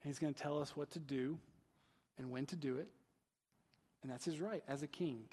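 A man's voice: fairly high pitch, moderate pace, dark tone, slightly rough, big-room sound. A male pastor preaching a conversational sermon, asking rhetorical questions and often adding "right?".

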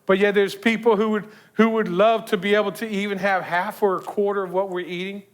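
A man preaches in a loose, conversational way, sliding into the voices of the people in his story. His voice sits high for a man. He often restarts and repeats words as he goes. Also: little pitch movement, fairly quick, clean tone. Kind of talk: sermon.

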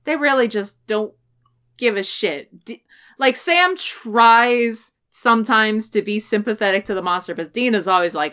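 Woman podcast host, casual and excitable, swears a lot, quick to laugh. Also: a little high, smooth. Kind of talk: casual chat.

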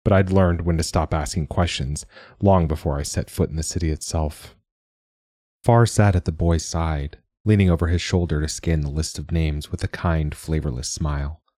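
A man giving measured, wry, reflective first-person audiobook narration. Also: extremely low pitch, fairly even intonation, warm tone, dry recording, clean studio sound.

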